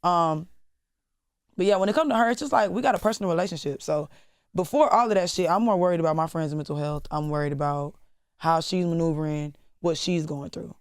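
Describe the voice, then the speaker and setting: A woman's voice: fairly low pitch, fairly quick, no echo, clean studio sound. Candid, swearing female rapper. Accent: Southern US. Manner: candid, swearing, laughs and gets dramatic. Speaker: interview guest, rapper. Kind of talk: casual interview chat.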